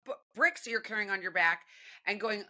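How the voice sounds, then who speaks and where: A woman's voice: mid-range voice, moderate pace, sharp tone. A woman hosting a podcast in casual conversation, gushing and enthusiastic. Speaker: podcast host.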